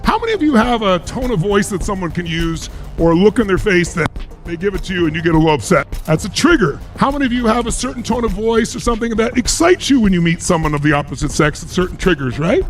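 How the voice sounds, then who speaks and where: A man's voice: high voice, big pitch swings, a little fast, faint music behind. A middle-aged man giving a motivational speech to a live audience, emphatic and full of rhetorical questions. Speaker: motivational speaker.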